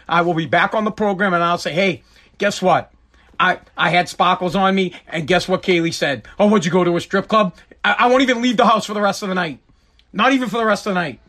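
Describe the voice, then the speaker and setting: High-voiced male podcast host, casual rambling rant, lots of swearing and repeats. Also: a bit bright. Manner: rambling, profane, repetitive. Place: home basement.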